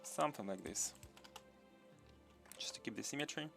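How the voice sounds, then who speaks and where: A man's voice: medium pitch, expressive, normal speed, gravelly, a bit bright, soft background music. A man hosting a live gameplay stream. He thinks aloud, repeats his phrases, chuckles often and chats with viewers. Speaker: gaming livestream host.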